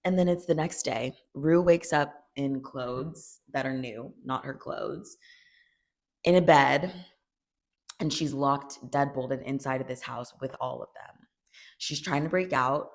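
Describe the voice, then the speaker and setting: Low-voiced woman recapping a show casually. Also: unhurried, creaky. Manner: chatty, acts out quotes with "she's like".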